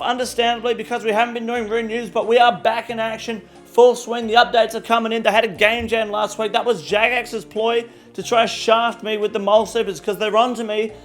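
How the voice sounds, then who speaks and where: A man plays a loud, swaggering male anchor fronting a mock market report. The voice sits high and pushy, and he rants with cocky, profane confidence. Faint music plays underneath. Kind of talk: mock news segment.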